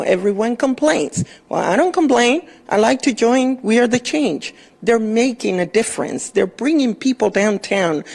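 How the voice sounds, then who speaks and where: A woman's voice: mid-range voice, creaky, a little mellow. A woman giving an impassioned public comment to a city council, scolding officials and praising others.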